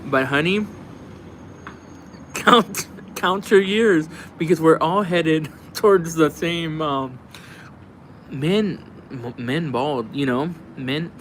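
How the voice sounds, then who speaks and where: A livestream host with a fairly bright, high-leaning voice speaks slowly over slight background noise. He works through viewer comments in casual chat, rambling along and frequently swearing and laughing.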